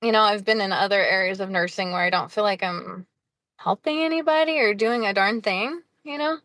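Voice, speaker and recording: A woman's voice: mid-range voice, brisk, fairly bright tone, no echo. Chatty woman podcast host, dry sound. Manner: chatty, with frequent laughs and fillers. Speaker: podcast host and hospice nurse. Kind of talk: casual interview chat.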